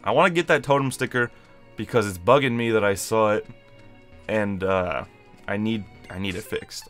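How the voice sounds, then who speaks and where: A man's voice: fairly low pitch, moderate pace, fairly bright tone, soft background music. A young man giving casual, self-mocking commentary while playing a game. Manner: playful, self-mocking, chatty. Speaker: gaming streamer. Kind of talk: casual let's-play commentary. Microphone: webcam and desk mic.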